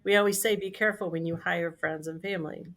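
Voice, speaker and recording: A woman in her sixties, a company CEO, telling a lively story in conversation and acting out the quoted dialogue. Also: on the low side, quick pace.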